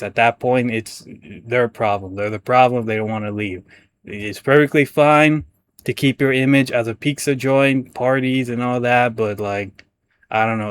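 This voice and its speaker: A man's voice: mid-range voice, fairly bright tone, smooth. A young man hosting casual reaction commentary, rambling and stammering as he chats. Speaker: commentary channel host.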